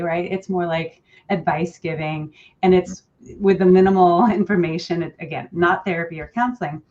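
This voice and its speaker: On a podcast, a middle-aged relationship therapist speaks earnestly as a guest, her voice low-leaning and a little mellow. She gives light laughs now and then, and the recording has a dull lo-fi sound.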